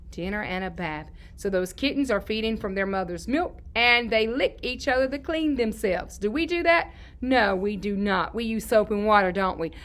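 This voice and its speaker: Teacher, female, for a children's lesson: sing-song delivery, bright and slightly high voice, repeats key words slowly, asks questions and answers them herself.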